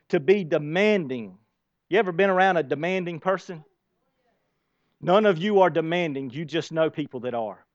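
A pastor preaches a sermon in a high, lively voice, firing questions at his congregation and drifting into soft asides. The audio is dry, somewhat dull, and lo-fi, with no room sound.

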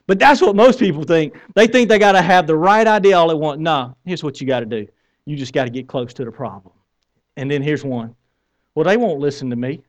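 A man's voice: on the high side, brisk. A man with a Southern American accent preaching a conversational sermon, asking the congregation questions and joking at his own expense. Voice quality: bearded. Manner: conversational preaching with questions to the crowd, wry humor. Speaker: pastor.

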